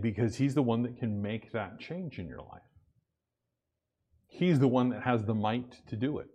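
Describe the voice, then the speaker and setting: A male pastor delivers his sermon in a loose, conversational manner. He keeps checking in with the congregation and slips into small acted-out scenes. His voice sits at an ordinary middle pitch. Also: animated, moderate pace, a little mellow. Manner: conversational preaching with frequent "amen?" and acted asides.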